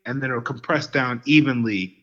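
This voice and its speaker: A man telling lively stories in casual podcast chat, getting worked up as he goes. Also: medium pitch, normal speed, muffled recording. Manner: animated storyteller who gets worked up.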